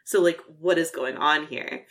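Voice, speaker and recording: Animated low-voiced woman co-host. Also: measured pace. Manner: animated, swears freely, acts out lines from scenes. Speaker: podcast co-host. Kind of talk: casual chat about a horror film.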